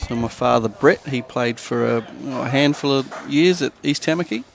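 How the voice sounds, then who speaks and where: A New Zealand man co-commentates lawn bowls, his voice grainy with fry. He keeps his replies short and easygoing. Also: mid-range voice, moderate pace. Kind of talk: live sports commentary.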